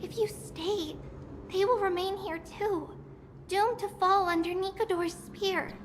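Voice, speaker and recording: A woman voicing a childlike high priestess who speaks in a formal, earnest, pleading way. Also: steady tone, unhurried, a little hiss or hum.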